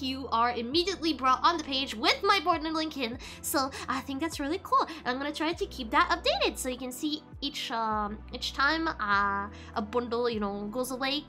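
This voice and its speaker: High, lively, bright-voiced woman streamer. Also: moderate pace, few pauses. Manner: rambling, giggly, self-interrupting. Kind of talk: casual stream chat. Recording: faint background music.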